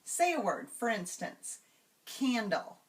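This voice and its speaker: A woman calmly explaining classroom routines step by step, slowing down to sound out example words. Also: a little high, distant mic. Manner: clear, measured, slows to sound out example words. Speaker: teacher trainer. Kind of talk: instructional walkthrough.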